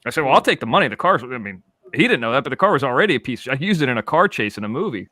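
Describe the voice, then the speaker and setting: A man on a live stream chat, blunt and brisk, swearing freely and giving firm advice. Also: medium pitch, sing-song, bright, forceful tone, no echo. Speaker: guest.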